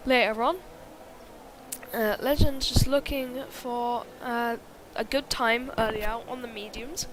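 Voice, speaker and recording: A woman doing live commentary on an online racing league, chatty and full of fillers, reading viewer chat as she goes. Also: fairly high pitch. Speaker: race commentator.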